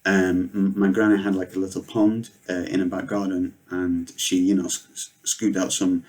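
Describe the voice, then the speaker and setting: Thirties man, deadpan sweary comic monologue, lowish voice. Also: normal speed. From Northwest England. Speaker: comedian. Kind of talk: comedic storytelling monologue.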